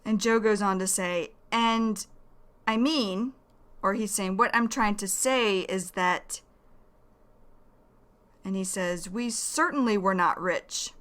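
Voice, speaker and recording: A woman with a Northern US accent talks at an unhurried, careful pace, like a teacher explaining English words one at a time. Her pitch sits in a middle range, and she repeats each key term to let it sink in. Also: fairly bright tone. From United States. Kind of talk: slow explanatory language lesson.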